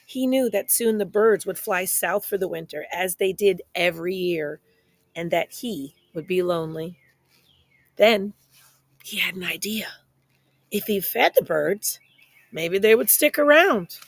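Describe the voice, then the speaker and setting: A woman reading a children's picture book aloud in a playful, expressive way, speaking straight to young listeners. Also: mid-range voice, measured pace, no room sound. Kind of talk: children's story read-aloud.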